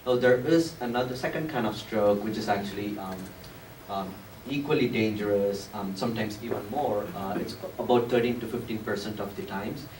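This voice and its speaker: A man with a fairly low voice explains medical matters patiently, with plenty of "um"s and "like"s. He sounds far from the mic in a reverberant room. A faint background hiss sits under his voice. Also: moderate pace, darkish tone. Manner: patient, explanatory, many fillers. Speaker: stroke doctor answering questions. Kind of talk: explanatory talk at a public event. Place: large room with an audience.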